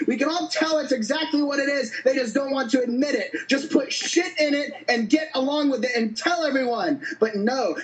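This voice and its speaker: Guy with a high voice going off on a cussing shouty rant, roomy echo. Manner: angry, swearing, shouting. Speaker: podcast co-host. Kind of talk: profane comedic rant.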